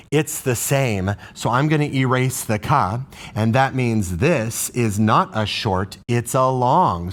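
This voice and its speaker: A man teaching a music lesson to camera, chanting rhythm syllables and singing short song phrases with enthusiasm. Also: mid-range voice.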